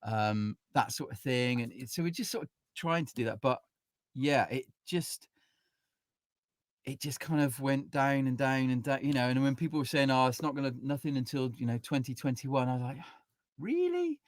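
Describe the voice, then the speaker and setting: A man's voice: mid-range voice, fairly even intonation, normal speed, no room sound, studio quality. A man, a musician and music teacher, chatting casually as an interview guest, rambling with many fillers and acting out what people said. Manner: rambling, full of "you know", acts out quotes.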